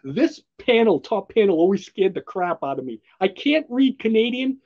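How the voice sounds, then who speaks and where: A man's voice: high voice, sing-song, moderate pace, darkish tone, dull audio. A man co-hosting a podcast, enthusiastically walking through a comic book in rambling, casual chat with frequent laughs. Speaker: podcast co-host presenting a comic.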